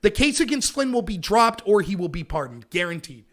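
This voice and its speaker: A man's voice: very animated, fairly quick, fairly bright tone. An American man hosting a political call-in show, arguing emphatically and mocking opponents. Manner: emphatic, argumentative, mocks opponents in high voices. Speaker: show host.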